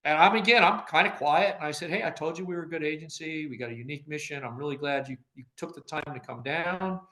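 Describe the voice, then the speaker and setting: An older man recounting his career in a relaxed interview, slipping into the voices of the people he quotes and laughing as he goes. His voice sits fairly high for a man and sounds bright and forceful. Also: fast. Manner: animated storyteller who acts out quoted dialogue, laughing often. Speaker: former agency director, podcast guest. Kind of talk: anecdotal interview storytelling.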